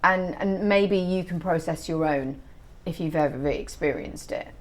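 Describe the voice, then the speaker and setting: A middle-aged woman being interviewed as an author, telling stories in an animated, chatty way. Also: fairly low pitch, a little slow. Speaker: author guest. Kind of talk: casual interview chat.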